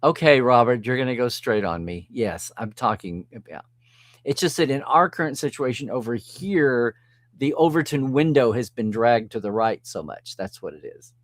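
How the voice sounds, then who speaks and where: A man's voice: medium pitch, animated, normal speed, no echo. Man chatting through a live stream. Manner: chatty, reads and answers comments, chuckles often. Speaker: host reading live chat. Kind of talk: casual live-stream chat.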